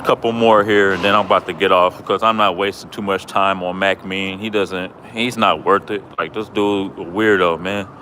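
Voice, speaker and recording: A man's voice: sits low, fairly even intonation, normal speed, hardly any pauses, bright, forceful tone, a little hiss or hum. Taunting man ranting on a livestream. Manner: taunting, repetitive, mocking. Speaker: livestream host.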